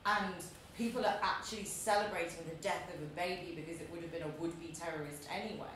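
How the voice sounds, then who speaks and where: A woman from London with a London English accent, moderating a live panel discussion in an animated way and often laughing as she tells stories. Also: lowish voice, fast talker, a little hiss or hum. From London, England. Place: museum event space. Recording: echoey room, far from the mic.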